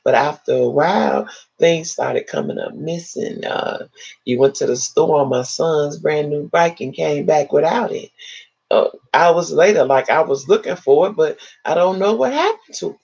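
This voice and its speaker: Her voice is deep, creaky and edged with breathiness, coming at a normal speed through dull audio. Hosting a live video over a video chat setup, this woman dramatically recounts an emotional episode from her life, performing the quotes of those involved.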